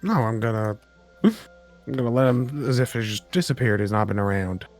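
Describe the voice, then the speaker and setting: A man's voice: medium pitch, animated, moderate pace, faint music behind. A man playing a tabletop game, casually talking through his plans. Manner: planning aloud, casual. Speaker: player.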